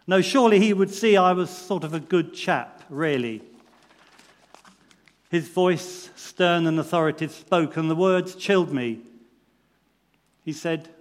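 A man reading a first-person allegorical story with earnest, expressive narration. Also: on the high side, measured pace, long pauses. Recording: long reverb in a large hall.

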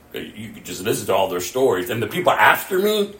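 Pastor preaching in an echoey room. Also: male voice, fairly low pitch, big pitch swings, normal speed, fairly bright tone, slight background noise. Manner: storytelling, acts out his own prayers and others' words. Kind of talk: sermon. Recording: echoey room, mic at a distance.

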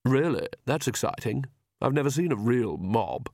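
A smug young gentleman vampire from a storybook, fussy and faintly mocking, as a male reader puts him on. His voice sits at a middling pitch and sounds close and dry. He drawls with lazy amusement. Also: sing-song, normal speed, dry recording.

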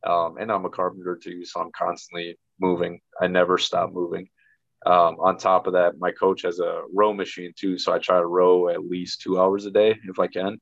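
A man's voice: low-pitched, completely flat delivery, normal speed, creaky, dry recording, highs cut off. A man on a rowing team talking in a plain, matter-of-fact way on a podcast. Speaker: rowing team member, Air Force veteran. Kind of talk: casual podcast chat.

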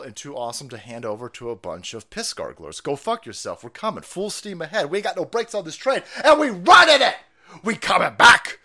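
Profane ranting man, lively voice. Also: a little high. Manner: profane, combative, sarcastic. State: hungover. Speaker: streamer host. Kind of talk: ranting political commentary stream.

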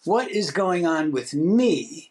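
A man's voice: a little high, very animated, slow pace, a little mellow. A man co-hosting a casual podcast chat, talking reflectively and acting out his own inner voice. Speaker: podcast co-host.

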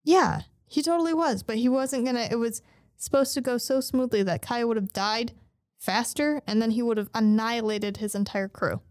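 A woman's voice: fairly high pitch, normal speed. A woman co-hosting a podcast in casual chat, swearing freely as she retells a story. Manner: profane, animated retelling with quoted voices. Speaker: podcast co-host.

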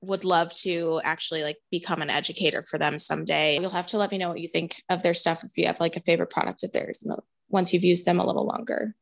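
A woman's voice: lowish voice, little pitch movement, quick pace, creaky, few pauses. A woman interviewer and fellow hairstylist, chatty and upbeat in casual conversation. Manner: chatty, upbeat, uses "like" often.

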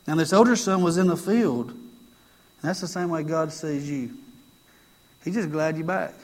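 A man's voice: fairly high pitch, unhurried, a little mellow. A man preaching a sermon in a conversational style, driving his points home with emphatic repetition. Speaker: pastor.

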